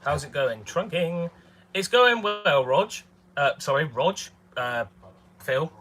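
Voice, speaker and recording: A man's voice: a little high, animated, takes it slowly, fairly bright tone. A man joking and teasing his co-host on a live car stream from a workshop. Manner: playful, teasing, chatty. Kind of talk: casual banter on a livestream.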